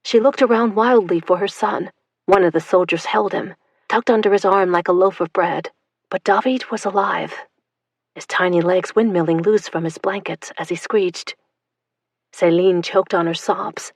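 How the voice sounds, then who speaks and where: A woman narrating an audiobook in a tense, hushed storytelling manner. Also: medium pitch, fairly even intonation, normal speed, dry recording.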